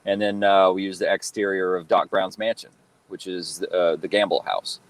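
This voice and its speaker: A man in his thirties, a guest telling stories in a relaxed interview, rambling with lots of fillers and restarts. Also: sits low, moderate pace, rough recording. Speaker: guest, fan-film actor and cosplayer. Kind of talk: casual interview chat.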